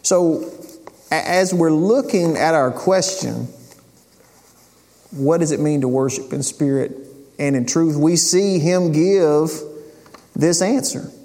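A man's voice: on the high side, slow pace, pauses often, mellow. Conversational male preacher in a reverberant hall. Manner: conversational storytelling, paraphrasing scripture in casual speech. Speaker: pastor. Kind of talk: sermon.

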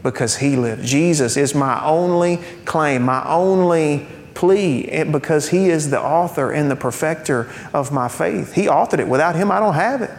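A pastor keeps a moderate pace with hardly any pauses as he preaches. His sermon to the congregation is conversational, with rhetorical questions and lighthearted asides. It was recorded in a reverberant hall with a faint rumble.

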